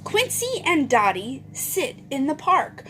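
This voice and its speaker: A woman's voice: sits high, very animated, takes it slowly, background noise. A woman teacher leading a phonics lesson for young children, reading a storybook aloud in a sing-song way with whispered parts.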